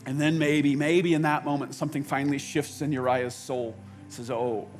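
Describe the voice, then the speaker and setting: A man preaching a sermon in a conversational way, with halting restarts, dropping to quiet intensity and rising to loud outbursts. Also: fairly high pitch, fairly even intonation, faint music behind. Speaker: pastor. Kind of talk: sermon with acted-out quotes.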